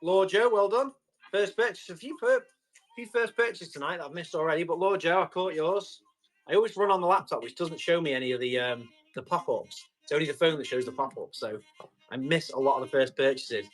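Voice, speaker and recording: A man's voice: a little high, a little fast. A man hosting a live tool sale, chatting with viewers, answering their comments and describing each item while he tests it. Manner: describes items while testing them. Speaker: live-stream tool seller. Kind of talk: casual live auction chat.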